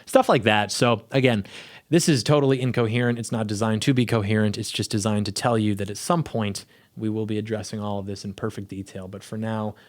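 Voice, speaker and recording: Youngish guy, kinda low voice, rambling casual youtuber chat in his home studio, keeps cutting himself off. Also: steady tone, fairly quick. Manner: rambling, self-interrupting, offhand. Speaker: YouTube commentator. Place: small home video studio.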